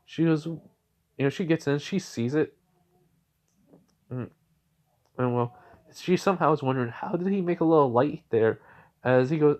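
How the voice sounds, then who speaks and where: A man's voice: fairly high pitch, moderate pace, long pauses, darkish tone. Rambling man retelling a fan story. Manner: rambling, heavy with fillers and restarts. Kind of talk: casual fan-fiction retelling.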